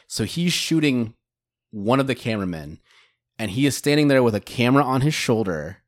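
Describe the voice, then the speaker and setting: A man hosting a podcast, telling a crude funny story in an animated, casual way. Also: mid-range voice, brisk. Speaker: podcast host.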